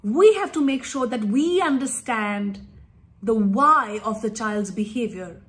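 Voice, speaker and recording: A woman's voice: fairly high pitch, lively intonation, measured pace. A woman parenting coach giving earnest, emphatic advice to parents in an instructive talk.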